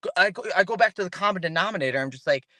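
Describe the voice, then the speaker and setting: A man speaking as a guest on an interview podcast in casual, animated talk. He often restarts his sentences and acts out the voices of the people he quotes. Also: high voice, racing, dry recording.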